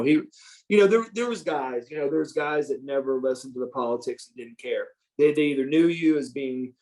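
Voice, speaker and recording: Man, middle-aged, slightly high voice, casual interview storytelling, animated, profane, quotes other people's lines. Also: rough recording. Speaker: interview guest, former pro wrestler.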